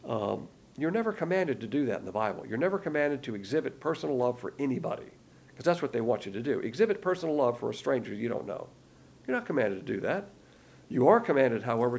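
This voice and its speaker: A man's voice: medium pitch, creaky, a little mellow, breathy edge. A man giving an emphatic Bible lesson in sermon style, often repeating key words and stopping to restart his sentences. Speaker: Bible teacher.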